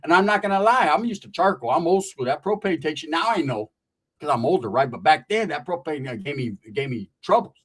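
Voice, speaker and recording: A man's voice: on the high side, expressive, a little fast, a bit bright, breathy edge. A middle-aged man telling a comic story in a swaggering, slangy, profane way. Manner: swaggering, slangy, swears constantly. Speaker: stand-up comedian.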